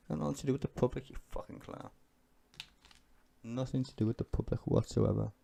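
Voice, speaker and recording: A man's voice: medium pitch, a little fast, vocal fry, long pauses, mellow. A man giving sweary, ranting political commentary on a live stream, sardonic and blunt.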